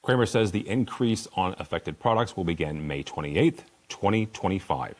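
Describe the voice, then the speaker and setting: Give me a male podcast host reading news from a script, slightly low voice with animated pitch. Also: normal speed. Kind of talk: reading tech industry news.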